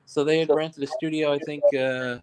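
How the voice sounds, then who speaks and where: A man's voice: on the high side, flat delivery, moderate pace, a little mellow, clear, resonant tone. A man from New York, a filmmaker, telling loose, joking stories in an interview and laughing at his own punchlines. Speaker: guest filmmaker. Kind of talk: casual interview storytelling.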